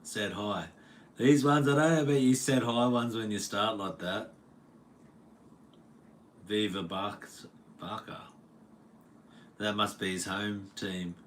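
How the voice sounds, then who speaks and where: A man's voice: lowish voice, steady tone, takes it slowly, pauses often, slight background noise. A man with an Australian accent, casually chatting with his livestream viewers, laid-back and jokey with lots of laughs and slang. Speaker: livestream host. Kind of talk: casual livestream chat reading comments. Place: home.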